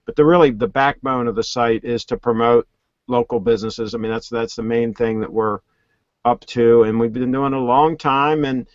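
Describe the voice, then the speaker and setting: Male call-in guest, chatty, dull dry line, mid-pitched voice. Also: steady tone, moderate pace, no room sound. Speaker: guest, website owner. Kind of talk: casual call-in chat.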